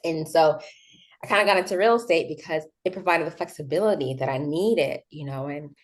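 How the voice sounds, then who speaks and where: A young woman speaks with a slightly low voice in a relaxed interview. She tells her story in a chatty, animated way, full of fillers, and acts out the other people in it. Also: a little fast. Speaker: guest.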